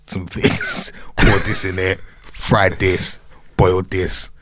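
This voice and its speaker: A man's voice: low voice, level tone, slow, a bit bright, slight background noise. A man co-hosting a podcast, chatting casually and bantering with plenty of laughs. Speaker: podcast co-host. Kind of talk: casual chat.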